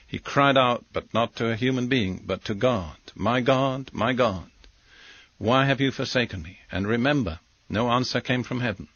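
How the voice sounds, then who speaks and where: A man preaching a sermon as a Bible teacher, speaking in measured, deliberate short phrases. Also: fairly low pitch, sharp tone, dry recording. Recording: dull, lo-fi dry recording.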